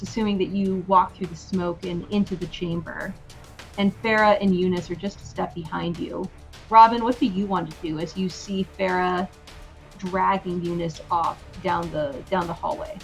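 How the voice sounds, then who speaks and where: A woman's voice: on the low side, fairly even intonation, moderate pace, faint music behind. A woman acting as game master who narrates a tabletop game scene unhurriedly, with many fillers.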